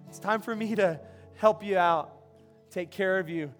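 A man's voice: high-pitched, a little slow, faint music behind. A male pastor voicing God as a firm, loving king, speaking in an earnest, insistent way and repeating his phrases.

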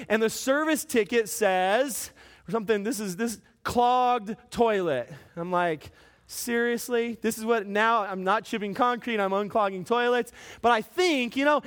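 A man with a strikingly high-pitched voice preaches to a gathered audience. He tells a long comic story at his own expense. He often trips over his openings, repeating a word two or three times before the thought comes out. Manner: animated, self-mocking, repeats words when starting a thought. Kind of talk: storytelling sermon to a live audience.

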